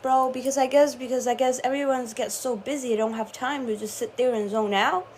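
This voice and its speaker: A woman's voice: on the high side, steady tone, brisk, darkish tone, a little hiss or hum. Woman musing then ranting, laughing and swearing. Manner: swears freely, flips from dreamy murmur to laughing frustration. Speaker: spiritual channeler vlogger. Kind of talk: casual rant to viewers.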